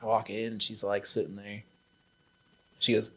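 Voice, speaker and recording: A man's voice: on the low side, fast. Male podcast host, loose storyteller, laughs through his tales, salty language. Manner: animated, laughing, swears freely. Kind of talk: casual storytelling chat.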